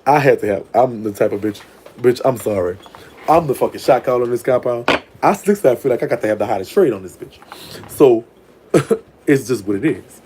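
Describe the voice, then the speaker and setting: New guy spilling a story, cussing a lot, mellow soft tone, a bit of hiss. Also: medium pitch, expressive, brisk. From New Orleans. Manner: frank, profane, chatty, with laughs. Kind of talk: casual storytime monologue.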